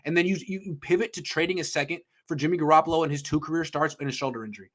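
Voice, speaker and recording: A man in his thirties hosting a sports talk show, a bit higher-pitched than most men. He rants with profane, emphatic bursts and pushes every point hard in heated sports debate. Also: very fast, a bit bright. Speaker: sports podcast host.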